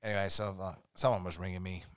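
An Australian man with a fairly low voice tells rambling work stories as a podcast guest. His talk is relaxed and full of swearing. The sound is dry and close, with no room to it. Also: quick pace, smooth, dry recording. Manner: laid-back, sweary, rambling anecdotes. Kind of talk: casual storytelling chat.

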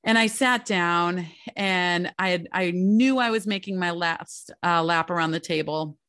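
In a clean, dry studio recording, a middle-aged woman with a lowish, slightly bright voice reflects at a measured pace on her time homeschooling her kids. She's chatty and openly emotional as she speaks to the camera, frequently tossing in "right?" and "you know."

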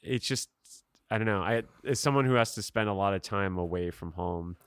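Deep-voiced reflective man from South Florida. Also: brisk, clear, resonant tone, dry recording, clean studio sound. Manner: reflective, rambling with many fillers. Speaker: podcast co-host. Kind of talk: casual podcast chat.

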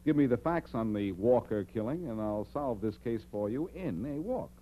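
A man's voice: mid-range voice, animated, normal speed, warm tone, close to an everyday voice. An actor playing a wisecracking male hero with a teasing, dry wit, in 1940s radio acting. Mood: wry. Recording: tinny old radio recording with hum.

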